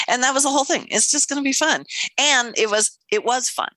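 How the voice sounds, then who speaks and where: Woman, middle-aged author, casual storytelling, animated, bright voice, dry close sound. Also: sits high, brisk, dry recording. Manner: animated, acts out other people's voices, laughs often.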